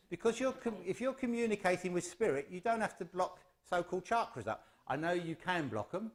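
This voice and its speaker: An English man giving a chatty, self-deprecating, humorous address at a spiritualist service. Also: on the high side. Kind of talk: informal humorous address to a congregation.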